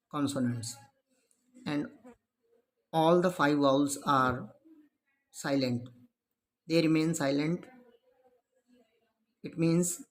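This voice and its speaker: A man, teaching English pronunciation step by step and glossing words in Hindi. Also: a little high. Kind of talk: classroom lesson on pronunciation.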